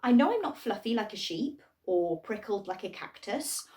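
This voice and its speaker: A woman's voice: sing-song, moderate pace, a little mellow, lightly acted. A woman voicing a small, shy, bluish-grey creature who is unsure of herself, speaking hesitantly in a storybook reading. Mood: earnest. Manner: hesitant, timid, high.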